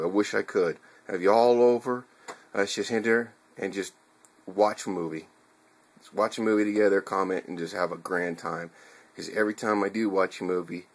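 A man talking straight to his viewers in a casual, heartfelt vlog, rambling and earnest, with casual swearing and restarts. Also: deep voice. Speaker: video blogger.

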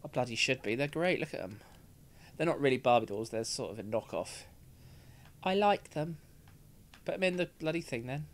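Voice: medium pitch, expressive, moderate pace, long pauses. A gaming streamer with a British accent, giving sweary, jumpy, chatty commentary over a game. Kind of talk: let's play commentary.

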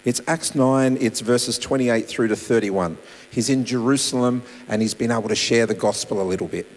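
A man preaching a sermon as pastor, animated, with loud emphasis and soft asides. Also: medium pitch, moderate pace. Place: church hall. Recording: reverberant church hall.

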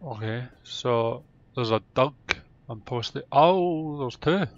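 A man commentating his gameplay, loud and excitable, swearing often. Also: medium pitch, slow, lo-fi sound. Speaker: gamer. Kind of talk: let's-play commentary.

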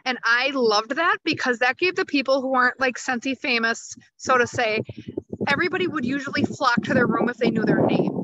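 A woman's voice: high voice, pushed and bright. A woman chatting on a video call as a panel guest, explaining her point step by step. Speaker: sales consultant on a panel. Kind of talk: casual chat on a video call. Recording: dull, lo-fi video call audio.

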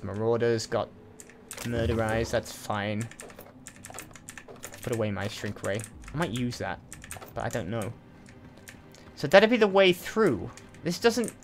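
A man hosting a let's play, giving chatty, casual commentary and thinking aloud with asides as he plays. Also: medium pitch.

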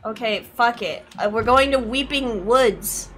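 A woman's voice: fairly high pitch, a little hiss or hum. Young woman swearing through a game. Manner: loud swearing outbursts, quick laughs. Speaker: gaming YouTuber. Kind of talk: casual gaming commentary.

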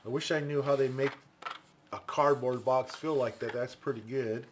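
A man's voice: mid-range voice, steady tone, normal speed, noisy background. A man giving casual, enthusiastic unboxing commentary on a pencil, chatting and thinking aloud as he goes. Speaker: pencil reviewer.

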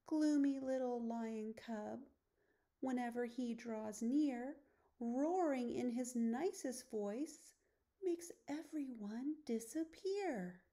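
A woman teacher reading a children's picture book aloud, soft and often hushed. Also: a little high, takes it slowly.

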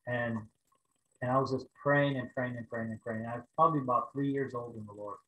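Guy preaching on a video call, storytelling, gets loud at times, echoey room. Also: mid-range voice, brisk, slight background noise. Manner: animated storytelling, rising to loud exclaims when acting out prayers. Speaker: pastor. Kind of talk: sermon over a video call.

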